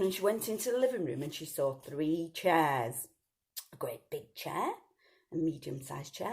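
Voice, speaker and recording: Woman reading a kids' story, bouncy sing-song voice, slightly low. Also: moderate pace. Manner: lively and sing-song, asking the children questions.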